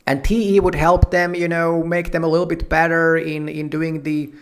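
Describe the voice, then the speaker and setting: A man's voice: on the high side, flat delivery, moderate pace, clean tone. Rambling, profane man riffing on personality types. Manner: rambling, profane, many restarts and fillers. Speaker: YouTube personality-type commentator. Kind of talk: casual monologue.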